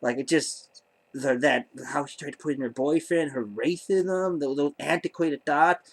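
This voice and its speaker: A man's voice: on the high side, unhurried. A man telling a story to camera in a rambling, stammering way, full of exasperated disbelief. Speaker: vlogger.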